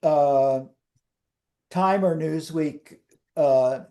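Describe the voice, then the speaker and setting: A man's voice: fairly high pitch, extremely slow, mellow. An older man, a guest in an interview, telling wry, rambling anecdotes with frequent restarts.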